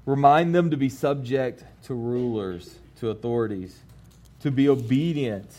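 A man in his thirties preaching a sermon, alternating lively, laughing storytelling with calm scripture reading. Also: mid-range voice. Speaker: pastor.

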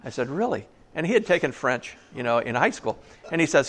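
A man's voice: medium pitch, animated, a little fast, a bit bright. A man preaching a sermon in a church, conversational and jokey, often asking the congregation questions. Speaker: pastor.

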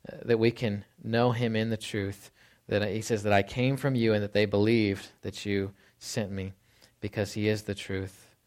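A man preaches in an easygoing, conversational manner, with a voice sitting at an ordinary middle pitch. He keeps checking in with his listeners and slows down deliberately whenever he reads scripture. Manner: conversational, asks "right?" often, slows for scripture quotes. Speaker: pastor. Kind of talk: sermon.

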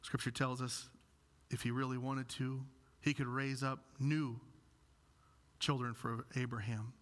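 Bright-voiced, animated male pastor preaching. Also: mid-range voice, measured pace. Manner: animated storytelling with self-deprecating humor. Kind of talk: sermon.

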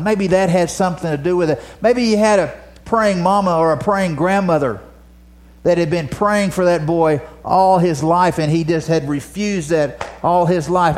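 A preacher man delivers a sermon with a slightly high voice. He tells his stories with drama, rising to loud passages and sinking to a near whisper.

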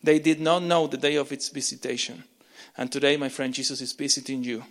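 A man preaching a sermon as pastor, impassioned, with frequent repeats and restarts, swinging between urgent loud lines and hushed ones. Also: medium pitch, little pitch movement, brisk. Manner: repeats words and restarts mid-phrase. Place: church sanctuary. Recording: long reverb of a large church.

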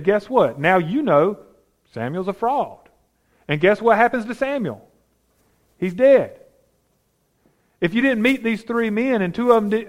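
Man preaching with emphatic questions. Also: high-pitched. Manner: conversational, emphatic rhetorical questions. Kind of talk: sermon with scripture reading.

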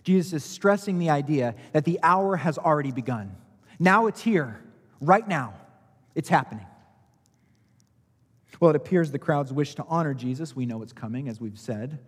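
A man's voice: on the high side, a little mellow, slightly rough. A man preaching a conversational expository sermon as pastor, explaining by analogy and swelling when he stresses a point. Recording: reverberant hall.

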